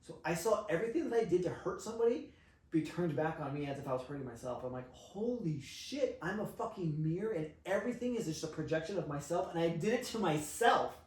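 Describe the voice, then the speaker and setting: A man with a fairly high voice tells a long personal story in lively, casual podcast talk, swearing freely as he goes. He sounds set back from the microphone, and the room around him rings noticeably. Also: fast talker. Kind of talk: casual conversation. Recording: roomy, distant mic.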